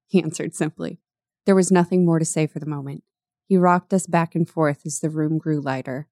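A woman co-hosting a casual chat, animated and sarcastic, often laughing and reading passages aloud. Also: low voice, brisk, dry recording, studio quality. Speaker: podcast co-host.

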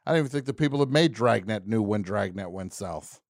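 A man's voice: fairly low pitch, animated, a little fast, gravelly, no room sound, clean studio sound. A man hosting a podcast in a casual, jokey, rambling way. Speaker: podcast host. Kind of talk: casual chat.

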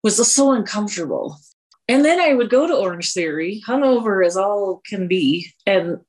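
A woman's voice: medium pitch, moderate pace, darkish tone. A woman in her forties from Colorado, speaking earnestly and confessionally as a podcast guest. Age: 40s. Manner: earnest and confessional, with sighs and self-deprecating laughs. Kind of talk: candid personal interview.

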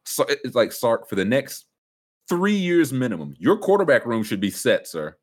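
A man hosting a casual sports talk show, animated and joking, jumping between thoughts. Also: medium pitch, moderate pace. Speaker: sports podcast host.

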